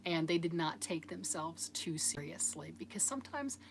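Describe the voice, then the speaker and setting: A middle-aged woman who hosts a crochet channel chats casually on a livestream, reading viewer comments aloud and answering them encouragingly with frequent laughter. Her voice is lowish and animated at a moderate pace, with a little hiss or hum.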